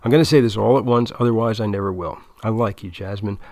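A man's voice: medium pitch, lively intonation, moderate pace, gravelly, no room sound. A man voicing a nervous young man who talks in an earnest, hesitant, blurting way.

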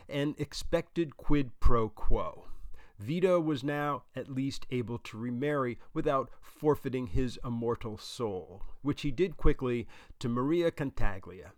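A man's voice: mid-range voice, dry recording, clean studio sound. A man narrating an audiobook with a wry, dryly humorous delivery.

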